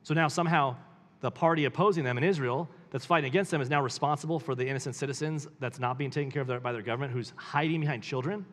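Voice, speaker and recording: A man's voice: mid-range voice, quick pace, in a large hall. A man reading a book aloud and commenting on it, with emphatic rising questions between quotes. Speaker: pastor.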